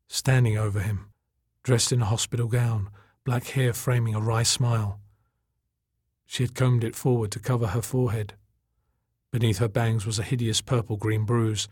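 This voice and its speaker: A man narrating an audiobook in a measured, dramatic storytelling manner. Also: medium pitch, darkish tone, breathy edge, dry recording, clean studio sound.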